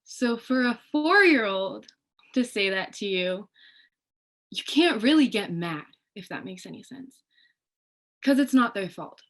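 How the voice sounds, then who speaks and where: Young woman, student guest, casual personal storytelling, animated, quotes voices. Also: mid-range voice, unhurried. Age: young adult. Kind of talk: personal storytelling on a live panel.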